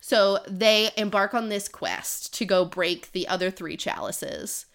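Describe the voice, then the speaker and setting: A woman's voice: medium pitch, measured pace, vocal fry, fairly bright tone. A young woman co-hosting a casual book podcast, animatedly retelling a story with lots of "like" and fillers. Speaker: podcast co-host. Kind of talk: casual book-review chat.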